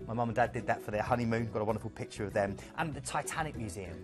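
A man hosts a live TV cruise sales show. He rattles through the ports quickly and with enthusiasm. Music plays clearly behind him. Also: medium pitch. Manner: enthusiastic, rambling travel descriptions.

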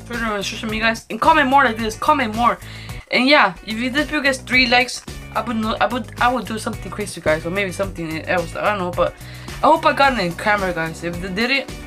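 A woman's voice: a little high, quick pace, bright, forceful tone, soft background music. A woman vlogging a DIY food experiment at home into a phone camera, rambling and tacking guys or bro onto every sentence. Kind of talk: casual DIY food vlog.

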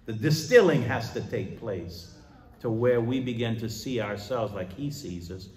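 A man pastor preaching a sermon, moving between loud emphatic declarations and quiet asides. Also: mid-range voice, expressive, normal speed, recorded from a distance. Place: church sanctuary. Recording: echoey church hall.

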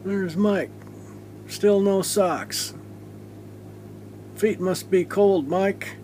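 A man's voice: sits high, slow pace, long pauses, dark tone, soft background music. An older man vlogging at an outdoor potluck, joking and teasing friends as he films with a handheld camera. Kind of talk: casual vlog chat. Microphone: handheld video camera. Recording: noisy outdoor camera audio with crowd. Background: crowd chatter.

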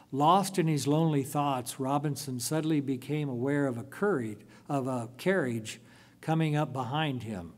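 A man preaching a sermon as a pastor, telling a story in a deliberate way with drawn-out phrases. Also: medium pitch, darkish tone.

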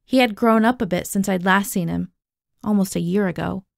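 Woman, audiobook reader, expressive first-person narration, gravelly, dry close sound. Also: mid-range voice, moderate pace, no room sound. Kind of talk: reading a novel aloud.

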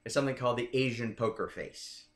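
A man's voice: mid-range voice, fast. Chatty man in an echoey room. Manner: chatty, keeps checking in with "right?". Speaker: dating coach guest. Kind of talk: casual interview talk. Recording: roomy echoing room.

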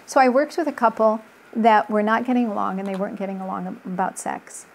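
A woman's voice: mid-range voice, steady tone, fast talker, vocal fry, slight background noise. A middle-aged woman speaking as a relationship coach in an interview, earnest and telling stories from her practice. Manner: earnest, storytelling with quoted voices. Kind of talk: conversational interview.

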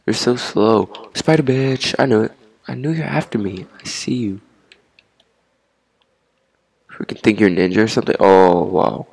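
A man's voice: lowish voice, a little slow, creaky, pauses often, darkish tone, slightly rough, no room sound. A young man giving casual commentary on his first game session, repeating himself, swearing at enemies and laughing. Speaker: gamer.

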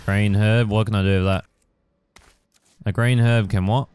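Low, smooth-voiced young man gaming. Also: fairly even intonation, moderate pace, a little mellow, no room sound. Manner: rambling with many fillers and casual swearing. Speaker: gaming channel host. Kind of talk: casual let's-play commentary.

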